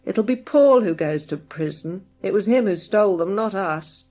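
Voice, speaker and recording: A woman reading an audiobook, voicing a drawling, menacing male gang boss who turns sharp and angry. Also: medium pitch, expressive, normal speed, soft background music, natural voice. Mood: drawling, scheming.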